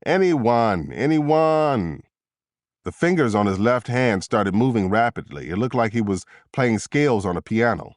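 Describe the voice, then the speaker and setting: A man narrating a thriller audiobook in the first person, with steady, tense storytelling. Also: fairly low pitch, moderate pace, few pauses, no room sound, studio quality.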